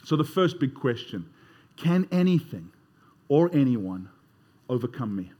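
A man's voice: mid-range voice, sing-song, measured pace, mellow. A man preaching a sermon as pastor, emphatic and conversational, often repeating words.

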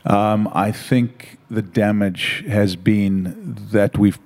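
A man with a very low voice answers a question on a church panel. He speaks as a pastor, slowly and deliberately, pausing often to find his words. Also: steady tone, a little mellow. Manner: slow and measured, with frequent pauses and fillers.

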